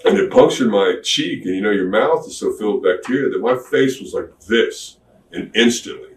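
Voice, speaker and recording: Retired wrestler, middle-aged, deep and drawling, animated retelling; roomy far-off mic, faint background hum. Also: male voice, fairly quick. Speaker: retired pro wrestler telling stories. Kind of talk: shoot interview, candid storytelling.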